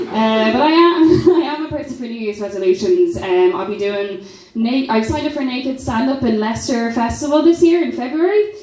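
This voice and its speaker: A young Irish woman does stand-up with a brash, sweary delivery and keeps laughing at her own jokes. Her voice sits fairly high with a soft, mellow tone. It is picked up from some distance in a roomy, echoing comedy club. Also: normal speed, a little hiss or hum. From Ireland. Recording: roomy club sound from far off.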